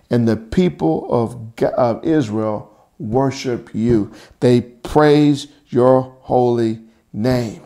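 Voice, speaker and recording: Middle-aged pastor guy preaching, kinda high voice, repeats lines slow for emphasis. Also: mellow. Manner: repeats and rephrases lines, slows down to stress scripture. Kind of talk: sermon, verse-by-verse Bible teaching.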